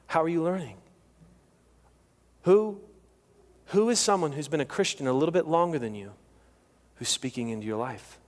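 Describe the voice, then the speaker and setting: Male preacher with a high voice, hammering key lines home, heard in a church with a long echo. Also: lively intonation, normal speed, long pauses. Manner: emphatic, repeats key phrases. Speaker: pastor. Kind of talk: sermon. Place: church sanctuary.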